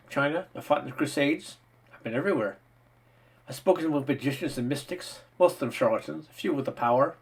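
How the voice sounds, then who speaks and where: A man's voice: medium pitch, slightly rough. A man doing a weary ageless knight.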